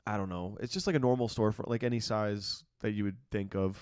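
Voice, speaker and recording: A man hosting a podcast in casual chat, relaxed and full of fillers, swearing freely, close to the mic. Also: lowish voice, fast talker, smooth, dry recording. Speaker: podcast host.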